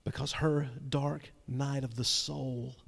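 A man's voice: medium pitch, flat delivery, takes it slowly, vocal fry. A man preaching a sermon, retelling a story dramatically and often repeating his words. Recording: long reverb from a large hall.

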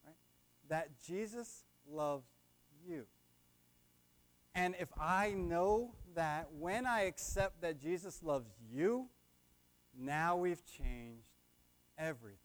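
Young male lay preacher, high pitch, animated delivery, calls out to the congregation. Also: takes it slowly, long pauses. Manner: repeats "right?" to the congregation; call and response with the audience. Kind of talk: sermon.

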